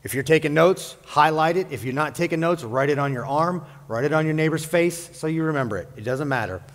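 Male pastor, fairly high voice, lively joking sermon, long church hall reverb. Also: a little fast. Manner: jokey, animated preaching with playful asides. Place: church sanctuary.

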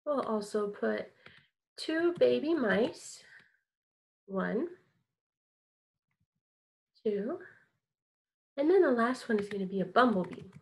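A woman's voice: fairly high pitch, lively intonation, slow, gravelly, long pauses, a little mellow. A woman teaching an online kindergarten music lesson, upbeat and encouraging, leading call-and-response.

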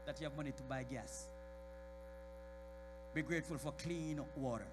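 A man in a church preaching a sermon. His voice rises from quiet talk to shouted high points, and he calls out members of the congregation by name. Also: unhurried, long pauses, noisy background. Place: church sanctuary.

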